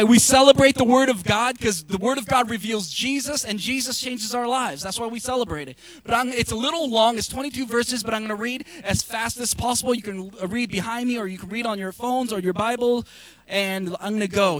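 A man preaching a sermon, passionate and emphatic, at times breaking into shouts. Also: very high-pitched, no echo. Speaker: pastor.

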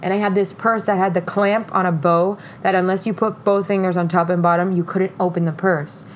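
A woman's voice: on the low side, fairly quick, slight background noise. Profane young woman telling a story. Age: young adult. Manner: candid, profane, animated retelling with quoted voices. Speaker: podcast host. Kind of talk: casual storytelling chat.

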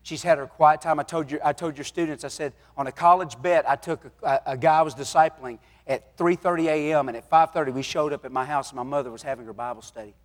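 A man's voice: a little high, quick pace, few pauses. Preacher man in a reverberant hall. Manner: folksy storytelling, swinging from loud exhortation to hushed tones. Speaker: pastor. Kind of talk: sermon. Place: church sanctuary.

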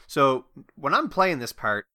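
A man co-hosting a game podcast, talking in a lively way and acting out his own reactions. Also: mid-range voice, a little slow. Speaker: podcast co-host. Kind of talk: casual game discussion.

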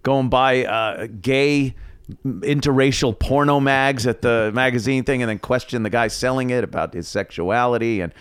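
A man, a former radio host telling stories in a relaxed podcast chat, pausing often on "uh". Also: mid-range voice, clear, resonant tone, no echo, clean studio sound. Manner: relaxed, laughs easily, many "uh" pauses. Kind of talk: casual storytelling chat.

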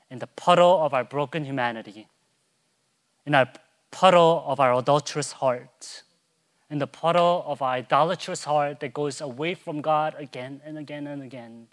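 Preaching a sermon, a man pastor starts softly with hushed storytelling and climbs to loud, soaring proclamation, even mimicking a child's calls in a high voice.

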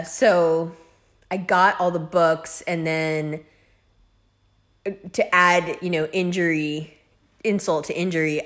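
A woman's voice: fairly low pitch, fairly bright tone. A young woman hosting a podcast, telling rambling, profane stories in a casual monologue, laughing often. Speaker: podcast host.

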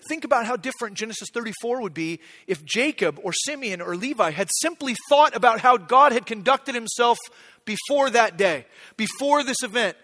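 A middle-aged man preaching a sermon, telling stories about himself with humor and swinging between quiet reflection and loud outbursts. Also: high-pitched, expressive, a little fast. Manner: storytelling, self-deprecating, swings from quiet to shouting. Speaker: pastor. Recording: long hall reverb.

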